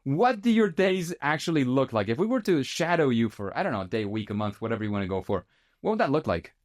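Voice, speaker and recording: A man hosting a podcast, asking relaxed, curious interview questions. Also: medium pitch, fast talker. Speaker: podcast host.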